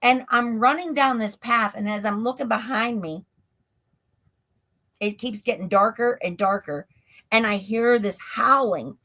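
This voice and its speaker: A woman guesting on a live stream tells an interview story in a breathless run-on rush, saying "like" constantly. Heard over a stream call mic, her voice is fairly high, bright, and forceful, yet unhurried.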